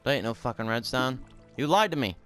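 A man giving casual gameplay commentary, swearing and shouting in frustration, then talking softly to his in-game pet. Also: mid-range voice, expressive, brisk, soft background music.

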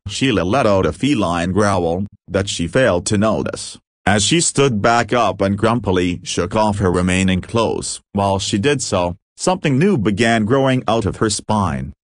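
Low-voiced man reading a story. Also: dry recording, clean studio sound. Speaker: narrator. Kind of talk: reading a fiction story aloud.

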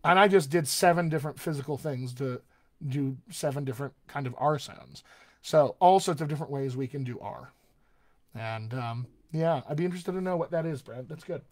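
Man, American accent, slightly high voice, dialect coach, live Q&A, explanatory. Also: fairly quick. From United States. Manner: explanatory, reads out viewer questions and demonstrates mouth sounds. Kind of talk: live online Q&A teaching.

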